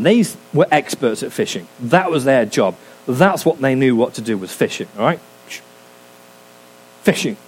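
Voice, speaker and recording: A man's voice: medium pitch, darkish tone, low-quality recording. A man preaching a sermon in a humorous, conversational way, often asking his listeners questions. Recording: faint hum, sermon recorded for a podcast.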